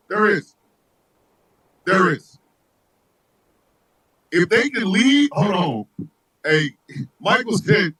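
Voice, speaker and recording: A man hosting a live talk show, ranting comedically in a profane, animated way, often shouting. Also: high voice, slightly rough, low-quality recording. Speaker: host.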